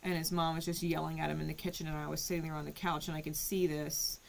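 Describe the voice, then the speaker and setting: Low-voiced woman giving a chatty reading. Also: level tone, fast talker, vocal fry, poor audio. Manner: storytelling, conversational, frequent "right?" and "like". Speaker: tarot reader. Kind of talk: casual spiritual reading.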